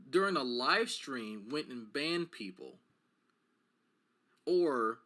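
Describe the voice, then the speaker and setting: A man's voice: on the high side, sharp tone. A man giving casual, sarcastic and exasperated commentary while reacting to a video.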